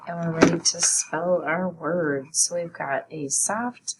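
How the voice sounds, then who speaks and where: A woman teacher leading a spelling lesson for children, sounding out words and letters slowly and deliberately. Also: sits low, background noise.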